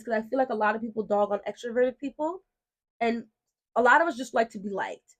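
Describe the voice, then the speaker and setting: A woman speaking emphatically in a casual vlog, pitched a bit above average. She is direct and outspoken and makes her points with firm, lecturing insistence. She sounds protective and sure of herself. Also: fast talker. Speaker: mom and beauty vlogger.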